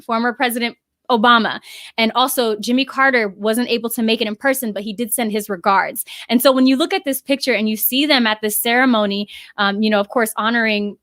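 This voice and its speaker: A woman hosting a casual live stream, effusively reading out viewer comments and giving shout-outs. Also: a little high, no echo, studio quality. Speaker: livestream host.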